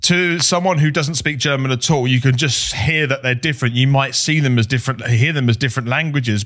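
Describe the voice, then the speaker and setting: A man's voice: on the high side, a bit bright. A man co-hosting a podcast in casual chat, explaining with frequent fillers and small laughs, a native English speaker. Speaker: podcast co-host.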